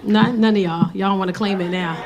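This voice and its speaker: A woman's voice: mid-range voice, steady tone, brisk, lo-fi sound. A woman doing stand-up in a comedy club, brash and teasing the crowd. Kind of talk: stand-up set. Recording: live club with loud laughing crowd.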